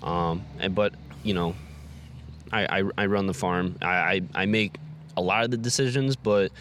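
A man's voice: low-pitched, fairly even intonation, normal speed, a bit bright, a little hiss or hum. A man who manages a pumpkin farm, guest in a casual on-site interview outdoors, hesitant and stammering with many fillers.

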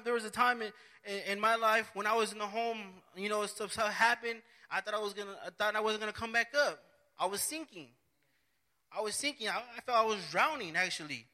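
A man's voice: high voice, sharp tone. A man preaching a sermon, earnest and repetitive, often restarting his phrases.

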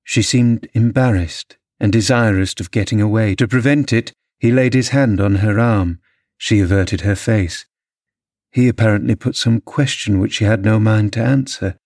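A man narrating a classic novel as an audiobook, measured and expressive. His voice sits on the lower side and the close recording is completely dry. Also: no room sound.

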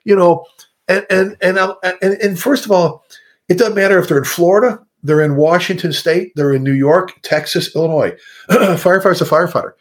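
A middle-aged man, a fire chief, talking casually and animatedly, jumping into high mocking voices for people he quotes. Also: fairly quick. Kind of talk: casual podcast conversation.

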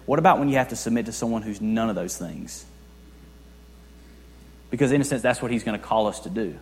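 A young male pastor gives a conversational sermon, firing off rhetorical questions and moving from hushed to raised delivery. His voice carries a long reverb tail from a large church hall. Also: fairly low pitch, a little fast, a little hiss or hum. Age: young adult. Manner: conversational preaching with rhetorical questions, swings between soft and loud.

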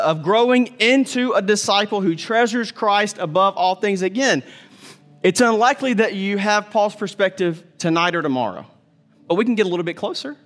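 A male pastor preaching a sermon, animated, acting out quoted voices and dropping to soft, tender tones. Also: sits high.

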